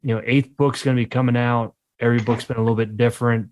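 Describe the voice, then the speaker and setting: A man's voice: mid-range voice, level tone, fast, darkish tone. A man hosting a podcast and interviewing a guest in a chatty, upbeat way. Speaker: podcast host and author. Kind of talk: casual podcast conversation.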